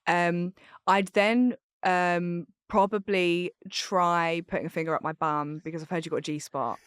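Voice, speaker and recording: A woman talking as a podcast guest, candid and chatty, rambling with plenty of fillers. Her voice is smooth and clear, recorded dry and close in a studio. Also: lowish voice, fairly even intonation, measured pace, no room sound. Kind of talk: casual chat.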